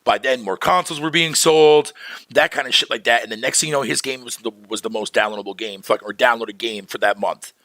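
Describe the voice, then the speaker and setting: A man's voice: mid-range voice, fairly quick, pushed and bright, no echo. A man ranting casually on a livestream, heated and profane, full of slang, breaking off to greet viewers in chat. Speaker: streamer.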